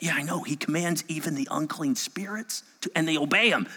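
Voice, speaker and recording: Animated pastor in a reverberant hall. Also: male voice, fairly high pitch, a little fast, hardly any pauses. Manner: animated, swings between loud emphasis and hushed asides. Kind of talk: sermon.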